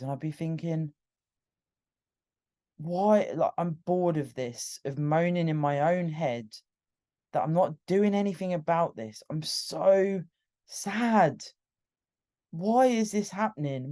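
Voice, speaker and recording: A woman's voice: deep voice, dark tone. A British woman hosting a podcast, candidly telling her own story in an emotional monologue. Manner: candid and emotional, with frequent restarts. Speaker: podcast host.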